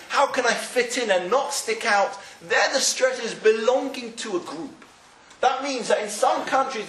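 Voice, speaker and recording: A man's voice: high-pitched, fairly bright tone. A man giving a Talmud lecture, asking rhetorical questions and mixing in Hebrew and Yiddish terms, often restarting his words. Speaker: Torah teacher. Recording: roomy, distant mic, faint noise.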